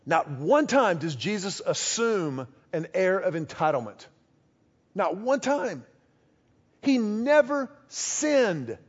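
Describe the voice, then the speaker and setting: A high-pitched male pastor delivers a sermon with a voice that swoops all over the place. He slips into little acted-out exchanges to make his points. The sound is a bit dull and lo-fi. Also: slow pace, slightly rough. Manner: animated, acts out little quoted exchanges.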